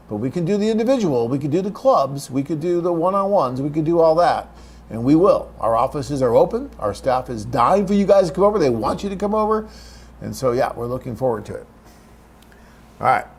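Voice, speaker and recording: A man's voice: medium pitch, slightly rough. A man hosting a live webcast, reading out viewer questions and answering them in a chatty, off-the-cuff way.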